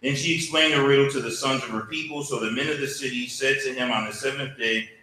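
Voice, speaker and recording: A man's voice: medium pitch, steady tone, fast, sharp tone. A man teaching a church Bible class in a casual, conversational way, often asking the class questions. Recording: very echoey room, faint hum.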